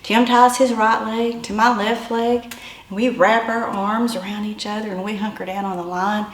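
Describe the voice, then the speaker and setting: A woman in her fifties telling a humorous personal story in an animated, self-deprecating way. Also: medium pitch, normal speed, slight background noise. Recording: echoey room.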